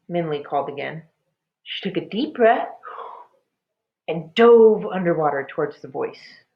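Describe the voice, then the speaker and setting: A woman reading a children's chapter book aloud with expressive storytelling. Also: low voice, unhurried. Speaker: storybook reader. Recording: dull lo-fi recording.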